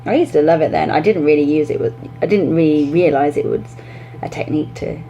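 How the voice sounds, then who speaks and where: Mellow-voiced chatty woman teacher. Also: deep voice, fast, muffled recording, slight background noise. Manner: chatty, with lively acted-out classroom demonstrations. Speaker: English teacher. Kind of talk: teaching tips to camera.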